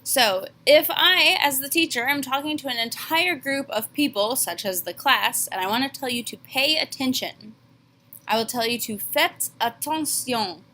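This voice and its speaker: A woman French teacher giving a classroom lesson, slowly modeling each phrase. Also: high voice, bright, forceful tone, slight background noise.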